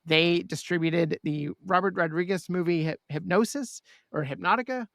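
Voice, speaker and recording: A man's voice: high-pitched, moderate pace, vocal fry, fairly bright tone, no room sound, studio quality. A man hosting a podcast, talking in an earnest, enthusiastic way. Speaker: podcast host. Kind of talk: casual chat.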